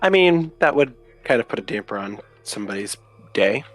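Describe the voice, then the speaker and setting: A man's voice: mid-range voice, expressive, normal speed, fairly bright tone, faint music behind. A man playing his character in a tabletop game, answering politely and wryly. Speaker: player. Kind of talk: in-character role-play.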